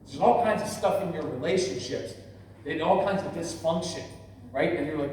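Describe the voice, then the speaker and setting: A man's voice: a little high, sing-song, normal speed, a little mellow, a little hiss or hum. A man in his fifties giving a live parenting workshop, telling stories and acting out quotes with humor. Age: 50s. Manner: storytelling, acts out quotes, jokes with the crowd. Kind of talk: live workshop talk to an audience. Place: large convention hall. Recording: echoey hall, mic heard from far off.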